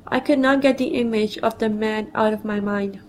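A woman's voice: medium pitch, steady tone, normal speed, slight background noise, rough recording. A woman reading a personal memoir story aloud, telling it plainly and quoting others in her own voice.

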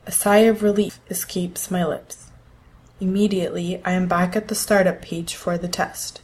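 A woman reads a first-person story aloud, steady and measured with an undercurrent of tension. Her voice sits fairly low for a woman. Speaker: narrator.

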